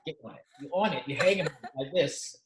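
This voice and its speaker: A man's voice: fairly high pitch, lively intonation, quick pace, roomy sound. A man speaking as a podcast guest, passionate and emphatic in casual conversation, swearing freely. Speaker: interview guest, activist.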